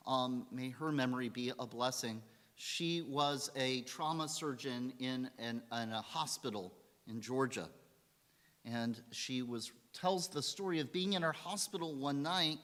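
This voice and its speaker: Man, rabbi, storytelling sermon, bright voice, long echo of a synagogue hall. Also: medium pitch. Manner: animated storyteller acting out quotes. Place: synagogue sanctuary.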